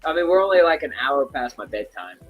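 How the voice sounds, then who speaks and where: A man's voice: medium pitch, big pitch swings, quick pace, muffled recording, soft background music. A man co-hosting a podcast in casual chat, making short, dry remarks. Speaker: podcast co-host.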